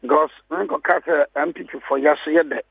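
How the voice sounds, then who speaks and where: A man's voice: fairly high pitch, steady tone, a little fast, creaky, husky, dry recording. A man with a Ghanaian accent, a political guest on a radio panel, mixing languages and hammering his points with repeated phrases. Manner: emphatic, repeats key phrases. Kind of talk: heated radio panel talk. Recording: muffled dry studio sound.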